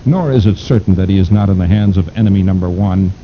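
A man doing a cold, imperious evil mastermind. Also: lightly acted. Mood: scheming. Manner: slow, measured, imperious delivery. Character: sinister aged male criminal mastermind, cold, commanding. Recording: dull lo-fi recording with rumble.

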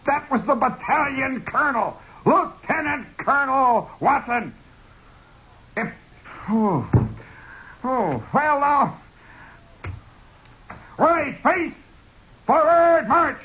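A man voicing a loud, flustered army lieutenant who barks out orders, on a dull lo-fi recording. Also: extremely high pitch, sing-song, slow pace, long pauses, pitched above the performer's own voice, exaggerated voice. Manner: barking, shouted orders.

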